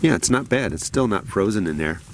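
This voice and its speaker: A man's voice: fairly low pitch, lively intonation, a little fast, noisy background. A middle-aged man with a New Jersey accent, hosting a casual, rambling gardening vlog indoors and then outside in the cold, laughing at himself now and then. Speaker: gardening channel host.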